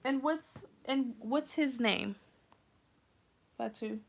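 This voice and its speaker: A woman's voice: a little high, slow, creaky. A woman with an American accent doing a live tarot reading, chatting and teasing with viewers as she thinks aloud. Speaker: tarot reader.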